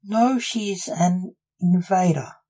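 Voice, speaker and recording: Give me a hateful male killer read by the storyteller, slow and very dark. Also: medium pitch. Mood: hostile.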